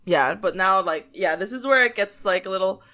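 A woman's voice: medium pitch, a little fast, sharp tone. A woman co-hosting a podcast in casual chat, talking loosely with many fillers and frequent laughter. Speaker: podcast co-host.

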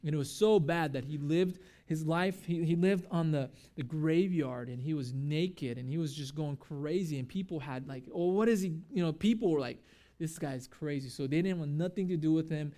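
A man's voice: a little high, moderate pace, few pauses, mellow. A man giving a sermon as a pastor at a church service, talking casually and acting out the people in the story. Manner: casual, conversational preaching with fillers and acted-out quotes.

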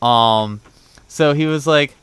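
A man's voice: medium pitch, takes it slowly, fairly bright tone, smooth, no room sound. A young man hosting a podcast, chatting casually and rambling through a dating story, acting out the quoted back-and-forth with lots of fillers. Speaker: podcast host. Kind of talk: casual chat.

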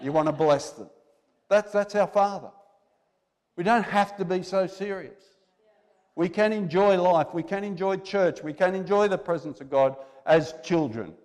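A male preacher gives a conversational, exhorting sermon full of rhetorical questions. His voice sits fairly high for a man, and a long reverb from the church hall trails his words. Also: moderate pace, darkish tone.

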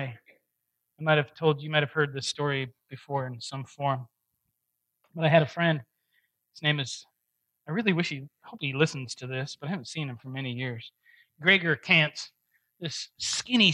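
A man with a fairly high, bright, forceful voice gives a conversational sermon. He tells a personal story with animated, self-deprecating humor and laughs often as he goes. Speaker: pastor.

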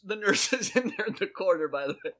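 A man's voice: high-pitched, animated, quick pace, bright, forceful tone. A man hosting a podcast, telling a funny story in casual chat. He laughs often and acts out the other people's voices as he goes. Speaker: podcast host.

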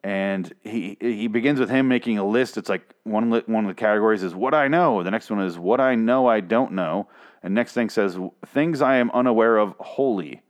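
A man's voice: fairly low pitch, fairly quick. A man reviewing a TV episode in a sarcastic, profane, rambling rant. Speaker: TV show reviewer.

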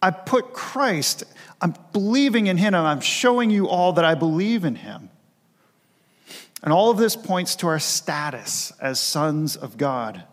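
A man's voice: sits high, big pitch swings, a little slow. Man preaching in a reverberant church. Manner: earnest preaching, repeating key phrases for emphasis. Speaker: pastor. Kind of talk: sermon. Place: church sanctuary.

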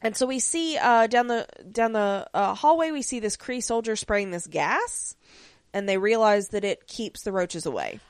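A woman in casual podcast chat, recapping an episode with loose, filler-heavy talk. Her voice sits mid-range and sounds dry and close, with no room around it. Now and then she breaks into quick impressions of the characters. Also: mid-range voice, expressive, dry recording. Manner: chatty, many ums and likes, acts out lines in quotes.

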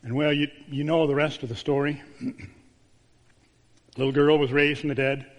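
A man's voice: a little high, flat delivery, moderate pace. Male pastor preaching in a reverberant hall. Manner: storytelling, dropping to a hushed voice on key words. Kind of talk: sermon. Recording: long church reverb.

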